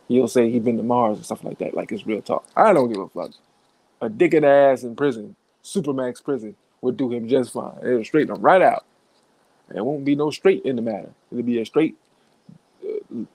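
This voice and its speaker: A man's voice: mid-range voice, darkish tone, dry recording. A man giving blunt, profane reaction commentary in a casual way, laughing between points.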